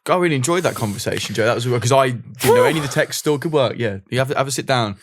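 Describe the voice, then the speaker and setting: A young man hosting a podcast in casual, self-mocking chat with quick asides. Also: mid-range voice, animated, slight background noise. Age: young adult. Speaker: podcast host.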